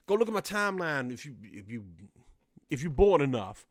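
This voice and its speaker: A man's voice: fairly high pitch, very animated, moderate pace, no room sound, studio quality. A man with a Washington DC accent hosting a solo podcast. He talks straight to his listeners and repeats phrases for emphasis. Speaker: podcast host.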